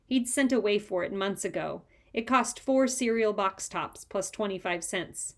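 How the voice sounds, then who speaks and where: A woman reading a children's chapter book aloud with lively, expressive narration. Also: medium pitch, unhurried, few pauses. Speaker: reader. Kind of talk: storybook read-aloud.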